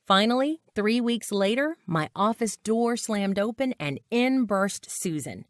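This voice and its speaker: A woman's voice: medium pitch, animated, a little slow, no room sound, clean studio sound. A woman narrating a dramatic personal story in a scripted read.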